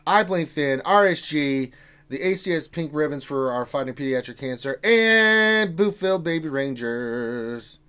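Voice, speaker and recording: A man's voice: on the high side, animated, unhurried, bright, forceful tone, clean tone. A man hosting a casual gaming livestream, reading out viewer messages with jokey asides. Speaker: stream host reading chat.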